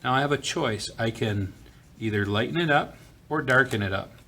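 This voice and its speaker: A man teaching art, talking casually through a drawing tutorial from a school office, pausing with fillers as he works. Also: mid-range voice. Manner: relaxed, talks while drawing, frequent fillers.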